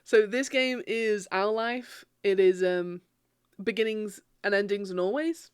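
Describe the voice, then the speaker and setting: A woman's voice: mid-range voice, a little slow, smooth, dry recording, clean studio sound. A young adult woman streaming a game from a room at home, chatting with viewers in a bubbly, gushing, giggly way. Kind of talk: casual livestream chat and reading a game aloud.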